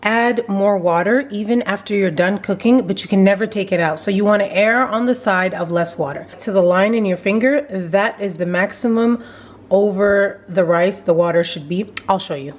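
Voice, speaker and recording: A woman's voice: mid-range voice, normal speed. A woman chatting and joking with viewers while she cooks in her home kitchen, casual vlog style. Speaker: home cook vlogger.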